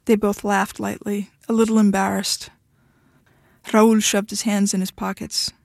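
A woman author reading her short fiction aloud in a measured storytelling manner. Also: mid-range voice, flat delivery, vocal fry, no echo, clean studio sound.

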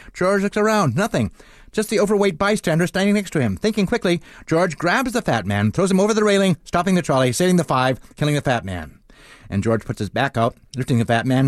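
Man, radio comic essayist, quick sardonic read, swooping pitch, dry studio sound. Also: no room sound. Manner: wry, sardonic delivery. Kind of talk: scripted comic monologue.

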